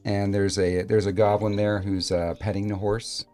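A man narrating as game master in a relaxed, halting way with many fillers. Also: lowish voice, faint music behind.

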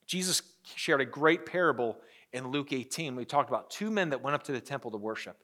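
A middle-aged man preaching a sermon as pastor, animated and restarting phrases with repeated words. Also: medium pitch, quick pace.

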